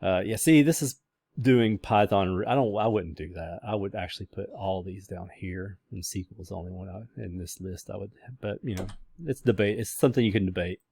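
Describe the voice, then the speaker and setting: A man's voice: sits low, a little fast, creaky, darkish tone, slight background noise. A man lecturing a class in a casual, rambling way, with many fillers and restarts.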